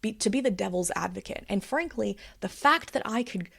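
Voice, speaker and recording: A woman's voice: medium pitch, lively intonation, a little fast, gravelly, breathy edge. A woman in her thirties giving a candid personal update, telling a story in a worked-up, swearing way. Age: 30s. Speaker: vlogger.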